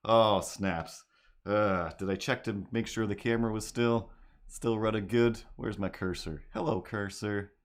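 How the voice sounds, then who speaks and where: A fairly low-voiced man hosts a casual livestream from home while he draws. He rambles in a goofy, self-mocking way, and his voice sounds a bit worn. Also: steady tone, a little slow. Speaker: livestream host and artist. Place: home apartment.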